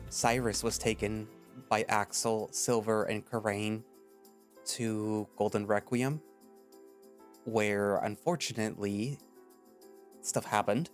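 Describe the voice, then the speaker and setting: A man with a low voice reads a story aloud, narrating in the first person. Between chapters he gives loose, rambling recaps full of fillers. Faint music runs underneath. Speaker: story reader. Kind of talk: reading a fan story aloud.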